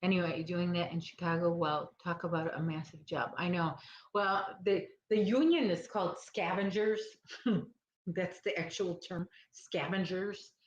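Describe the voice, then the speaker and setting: Brief: woman, crochet-stream host, lowish voice, rambling and sleepy, roomy dull recording with faint hiss. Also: steady tone, a little slow. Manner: rambling, chatty, loses her train of thought. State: sleepy, yawning. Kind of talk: casual chat with live viewers.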